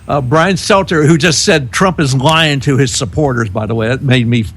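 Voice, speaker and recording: A man co-hosting a talk radio show, talking in halting starts and restarts and laughing as he reads news aloud. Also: medium pitch, a bit bright. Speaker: co-host. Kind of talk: casual political talk radio.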